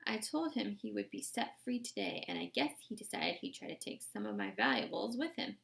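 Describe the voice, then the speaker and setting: A woman's voice: medium pitch, expressive, a little fast, creaky, a bit bright. A woman voicing a lying, defensive female camp warden who makes excuses.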